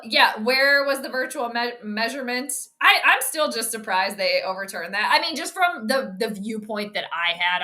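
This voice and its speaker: Woman, young, casual live football commentary, chatty, bright voice, highish. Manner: chatty, reacts loudly to plays, talks to viewers. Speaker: astrology sports streamer.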